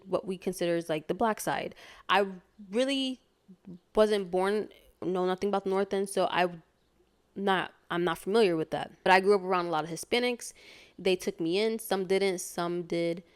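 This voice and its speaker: A woman's voice: fairly low pitch, moderate pace, clean tone. A woman from Connecticut talking earnestly in a casual personal vlog, rambling with lots of fillers and restarts. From Hartford, Connecticut, USA. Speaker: vlogger.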